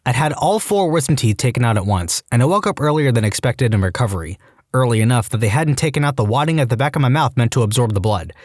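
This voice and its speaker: A man narrating Reddit stories for a podcast, his voice swinging widely in pitch as he reads. The sound is close and dry, with no room around it, and he slips eagerly into acted bits of dialogue. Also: fast talker, dry recording. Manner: animated reading that jumps into high-pitched acted quotes. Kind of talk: reading Reddit stories aloud.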